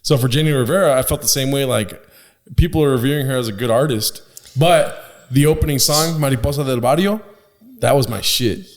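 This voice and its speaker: A man's voice: mid-range voice, fairly quick, few pauses. A young man hosting a casual podcast interview with his mother, joking and swearing casually. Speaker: podcast host, son of the guest. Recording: reverberant room.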